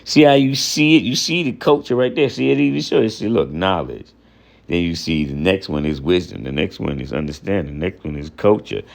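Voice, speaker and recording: A man's voice: low-pitched, a little fast, gravelly. A man giving an informal spoken lesson. He rambles and repeats himself, counts off terms one by one, and keeps checking with the listener. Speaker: teacher of religious lessons.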